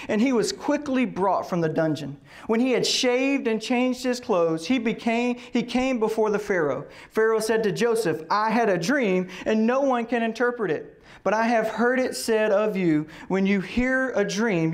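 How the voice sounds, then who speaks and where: Guy pastor giving a sermon, chatty and animated, does little voices for the people in the story. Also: sits high. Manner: animated storytelling, acts out quotes; casual conversational preaching.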